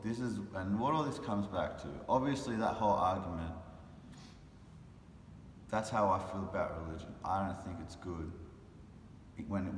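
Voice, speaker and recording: Low-voiced man, heated vlog rant. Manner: heated and impassioned, talks in bursts. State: tired and frustrated. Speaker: vlogger and animal rights speaker. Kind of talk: casual vlog monologue recounting a debate. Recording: roomy echo with long reverb and faint noise.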